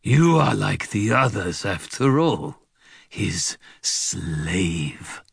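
Storybook villain: a man playing a contemptuous male dog-spirit, deep and slow with menace. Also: big pitch swings, vocal fry, slightly rough, dry recording, clean studio sound, exaggerated voice. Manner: slow, snarling, archaic menace.

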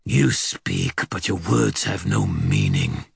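A man's voice: sits low, wildly swooping pitch, creaky, breathy edge, dry recording, clean studio sound, heavily acted. Man voicing a snarling villainous dog-spirit. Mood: contemptuous. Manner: slow, snarling, archaic menace. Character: menacing male dog-spirit brother, contemptuous villain.

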